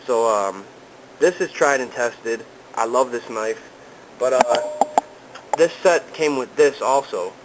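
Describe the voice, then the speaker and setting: A man's voice: medium pitch, takes it slowly, background noise. A young man casually talking to camera in a vlog, easygoing and rambling with lots of ums and uhs. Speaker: vlogger. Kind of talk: casual product talk to camera.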